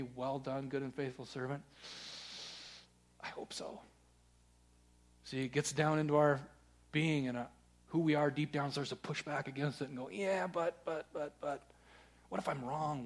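Earnest preaching man, fairly high voice. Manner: earnest, swings from loud urging to hushed questioning. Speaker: pastor. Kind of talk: sermon.

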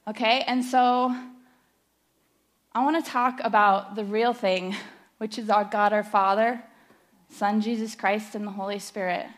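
A middle-aged woman giving a personal testimony at church, nervous and emotional, halting with fillers. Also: mid-range voice, fairly even intonation. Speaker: church speaker sharing testimony.

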